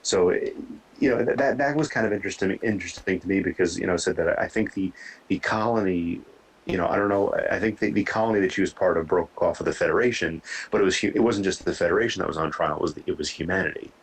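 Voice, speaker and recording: A man's voice: sits low, fast, slightly rough, poor audio. A man co-hosting a TV review podcast who rambles, repeating words and filling with "you know" as he thinks aloud. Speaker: podcast co-host. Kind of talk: casual review chat.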